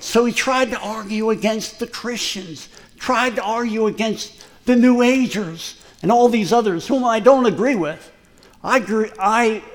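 A man preaching a folksy, emphatic sermon, joking at his own expense as a plain working guy. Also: high voice. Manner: folksy, self-deprecating, emphatic. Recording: long hall reverb.

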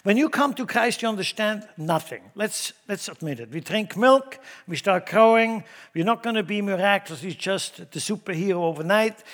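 In church, a pastor preaches to his congregation, swinging from loud, emphatic declarations to low asides, frequently repeating words and putting questions to the room.

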